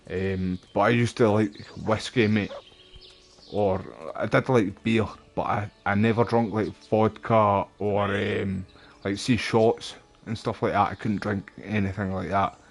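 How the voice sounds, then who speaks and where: A man's voice: fairly low pitch, fairly even intonation, unhurried. A young Scottish man streaming a game, chatting casually to his viewers and calling them mate. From Scotland. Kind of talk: casual live-stream chat while playing.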